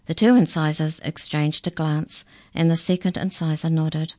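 A woman reading a children's story aloud in a calm, measured storytelling voice. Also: low-pitched, no room sound, clean studio sound. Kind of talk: storybook narration.

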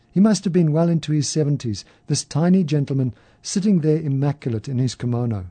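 Male storyteller, mellow and dry, reading steadily. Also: on the high side, breathy edge, no echo. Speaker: narrator. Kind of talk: first-person story reading.

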